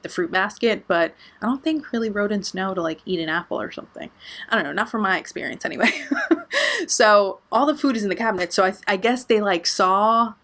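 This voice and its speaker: Casting: young woman, lowish voice, chatty storytime vlogger, sweary and full of filler words. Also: fairly bright tone. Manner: casual, profane, heavy filler words. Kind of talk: storytime vlog.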